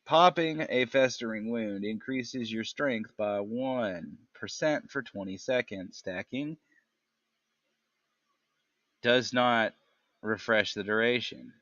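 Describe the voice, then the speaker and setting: Guy w a bright punchy voice reading off game tooltips, tripping on names, dry close mic kinda muffled. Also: mid-range voice, dry recording. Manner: reads tooltips haltingly, stumbles on names. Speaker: gaming podcast host. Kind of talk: casual chat reading game talents aloud.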